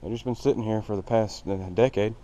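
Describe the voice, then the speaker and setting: Filmed on a handheld camera, a man walks through a large empty old factory, rambling casually and out of breath. The vlogger speaks plainly with fillers, in a mellow, fairly low voice with fairly even intonation and a quick pace.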